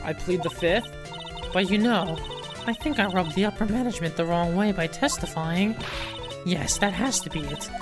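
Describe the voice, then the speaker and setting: A woman's voice: fairly low pitch, moderate pace, close to an everyday voice. A woman putting on a grumpy old lady guard. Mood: self-pitying. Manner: rambling, scolding, complaining about youth. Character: nagging elderly woman security guard, grumpy. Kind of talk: reading game dialogue aloud on stream. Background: game music.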